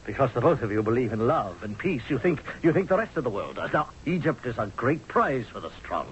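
Radio drama: actor voicing hard-nosed sarcastic general, animated delivery, dull vintage broadcast sound. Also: male voice, mid-range voice, brisk, a little hiss or hum, natural voice. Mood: scornful. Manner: sarcastic, forceful, pleading. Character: blunt scornful male Egyptian general. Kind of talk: 1970s radio drama acting.

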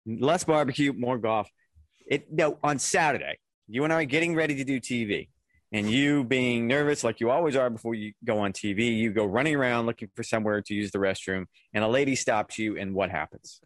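A man's voice: mid-range voice, fairly quick, no room sound. A man in his fifties co-hosting a casual podcast, easygoing and good-humored. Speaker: podcast co-host.

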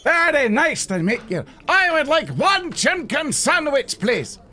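A man's voice: very high-pitched, very animated, unhurried, very noisy, voice pushed up, exaggerated voice. A man doing a fussy customer reeling off a huge order. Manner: rattles off an endless order, then blusters threats. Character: fussy stout male customer with a lamp on his head.

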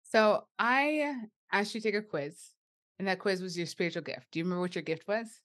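Woman host, mid pitch, affirming, casual interview chat. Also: brisk, fairly bright tone.

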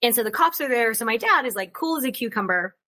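A woman in her thirties hosting a podcast, telling a story in a chatty, animated way and laughing often. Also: on the high side, quick pace. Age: 30s. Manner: chatty and animated, laughs often, quotes people in other voices. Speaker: podcast host. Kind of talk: casual chat, telling a story.

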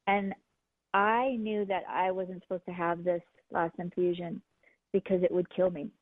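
A woman's voice: on the low side, level tone, no room sound. Earnest woman on a tinny phone line. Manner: earnest, halting, with many restarts. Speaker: guest, healer and medium. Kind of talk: personal storytelling. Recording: phone-line sound, dry.

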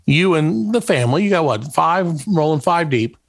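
An American man hosting a podcast, chatting casually and joking in an animated storytelling way. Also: on the high side, normal speed, vocal fry, dry recording, clean studio sound. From United States. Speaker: podcast host.

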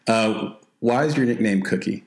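Man, deep voice, casual interviewer, laughs easily, echoey room. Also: moderate pace, a little mellow. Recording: roomy echo.

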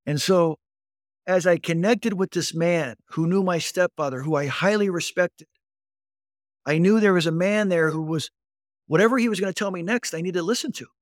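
A man in his fifties telling his life story as an interview guest, animated and addressing the host directly. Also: sits high, normal speed, dry recording, clean studio sound. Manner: animated storyteller who acts out quoted voices and keeps addressing the host. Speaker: guest recounting his recovery.

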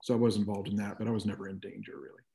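A man's voice: fairly low pitch, flat delivery, racing, gravelly, mellow. A middle-aged man talking reflectively as an interview guest, with frequent "you know" asides. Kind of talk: conversational interview.

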